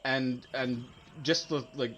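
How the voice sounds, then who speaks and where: A man's voice: mid-range voice, fairly even intonation, takes it slowly, a bit bright. A man narrating as game master in a tabletop game, rambling with many fillers and restarts. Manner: rambling, full of likes and restarts.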